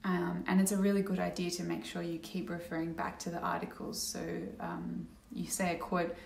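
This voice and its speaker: Chatty young woman with a gravelly edge. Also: fairly low pitch, flat delivery, moderate pace, darkish tone, far from the mic, slight background noise. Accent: Australian. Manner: chatty, rambling, many fillers and restarts. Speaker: vlogger. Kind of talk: casual chat to camera. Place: indoor room at home. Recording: echoey room, slightly off-mic.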